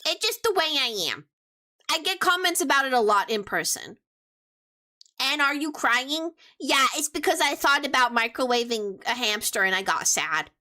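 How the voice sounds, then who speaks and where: A woman with a high, childlike voice chats casually on a live stream, reading out messages and answering them. She sounds bright and crisp, playful and teasing in her asides. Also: expressive, normal speed.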